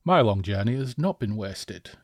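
A man's voice: lowish voice, lively intonation, moderate pace, dry recording, studio quality. A man voicing a malicious male warlord who speaks with theatrical, gloating relish.

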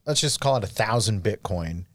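A man on a podcast telling an anecdote in an animated way and hedging on the numbers. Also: lowish voice, normal speed, slight background noise. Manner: animated storyteller, unsure of numbers. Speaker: podcast co-host. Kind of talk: casual chat.

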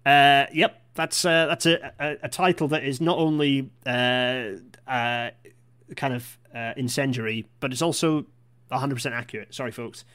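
A man's voice: medium pitch, steady tone, moderate pace, a bit bright, clear, resonant tone. A man hosting a live-streamed podcast, chatty and self-deprecating, with frequent apologetic asides. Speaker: podcast host.

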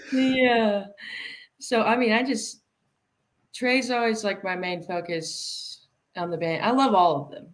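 Woman, casual chat, giggly, self-deprecating, trails off, medium pitch. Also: fairly even intonation, takes it slowly, long pauses.

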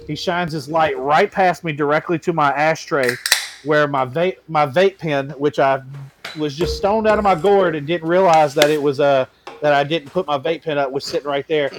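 Animated, profane storyteller man. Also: on the high side, slight background noise. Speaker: podcast co-host. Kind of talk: casual storytelling.

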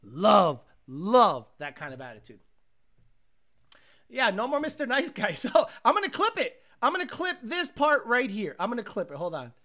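A man who tunes cars, chatting casually on a livestream, reading viewer comments aloud and ranting excitably with plenty of swearing. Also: sits high, normal speed. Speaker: car tuner livestreaming.

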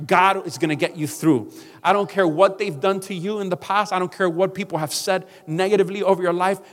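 A man's voice: fairly high pitch, long reverb tail. A male pastor preaching a sermon emphatically, calling out to his congregation.

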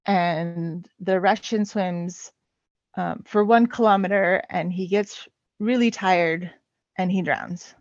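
Slow and lowish in pitch, this podcast guest's casual chat is hesitant and packed with filler sounds. The lo-fi recording sounds dull and dry, without room sound.

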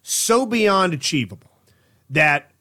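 A man co-hosting a podcast, bantering casually and breaking into loud laughter. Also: on the high side, big pitch swings. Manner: loud bursts of laughter, quick plugs. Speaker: podcast co-host.

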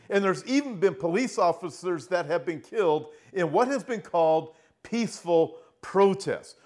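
A middle-aged man preaching an earnest prophecy sermon, slowing down and rising in pitch as he reads scripture aloud. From Southern California. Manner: earnest, emphatic, slows down and rises when reading scripture.

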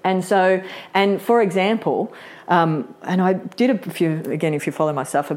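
Woman, middle-aged, workshop presenter, chatty, lower voice, animated quotes. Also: normal speed. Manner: chatty, laughs often, acts out quotes. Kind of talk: live workshop teaching.

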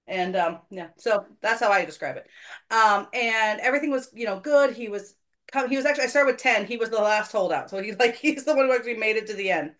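A woman's voice: fairly high pitch, fast talker, a bit bright. A woman hosting a faith podcast, telling a personal church story in casual conversation, earnest and self-deprecating.

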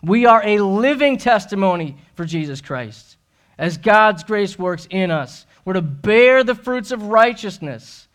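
A man's voice: high-pitched, lively intonation, unhurried, a bit bright. A male pastor preaching a sermon in a church, earnest and self-deprecating, ending in prayer. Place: church sanctuary.

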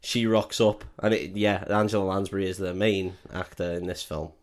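A man's voice: sits low, steady tone, normal speed. A man casually recapping a film, sweary and jokey. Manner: sweary, jokey, acts out characters in shouted put-on voices. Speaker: podcast host recapping a film. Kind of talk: casual chat.

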